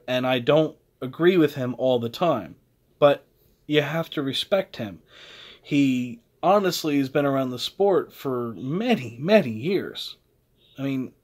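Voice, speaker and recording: A man's voice: a little high, darkish tone. A man hosting his own channel, delivering a blunt, heated, opinionated rant that keeps interrupting itself. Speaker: host.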